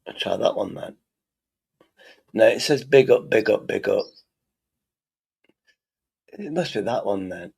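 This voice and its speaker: A man's voice: lowish voice, animated, measured pace, vocal fry, long pauses, a little mellow, slightly rough. A man streaming live, chatting casually and thinking aloud while he works, swearing freely.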